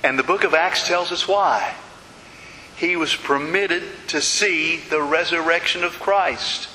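A man's voice: on the high side, slow, pushed and bright. A man preaching a sermon, telling stories dramatically with repeated refrains. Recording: reverberant hall with faint hiss.

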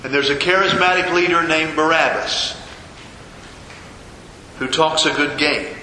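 A man preaching a sermon as a pastor, telling a story with dramatic pauses and repetition. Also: fairly high pitch, steady tone, sharp tone. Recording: echoey hall with long reverb, faint noise.

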